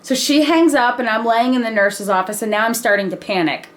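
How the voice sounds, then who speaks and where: A woman telling a personal story in a casual, animated way, laughing and swearing freely. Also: on the high side, a little fast. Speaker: vlogger.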